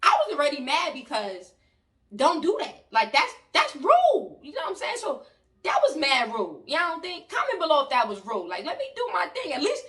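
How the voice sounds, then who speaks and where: A woman from New York with a New York accent, telling a story in an animated, loud and slangy way and talking to her viewers. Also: high-pitched, brisk. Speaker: vlogger. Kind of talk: storytime vlog. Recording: voice a bit distant from the mic.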